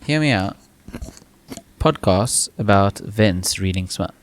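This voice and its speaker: A man co-hosting a casual podcast, making drawn-out joking remarks. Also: lowish voice, expressive, a little hiss or hum. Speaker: podcast co-host. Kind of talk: casual chat.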